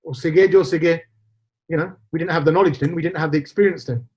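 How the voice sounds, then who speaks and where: A middle-aged man, a podcast guest, telling stories in an animated, chatty way. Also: a little high, fast, slightly rough. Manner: storytelling, animated. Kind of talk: casual interview chat. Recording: dull lo-fi sound.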